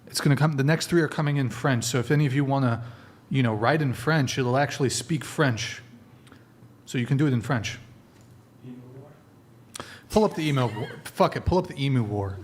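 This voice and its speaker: A man hosting a live podcast, chatting casually and swearing freely while giving orders to his crew. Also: mid-range voice. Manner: loose, profane, directs the crew. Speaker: podcast host. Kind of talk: casual live-stream banter.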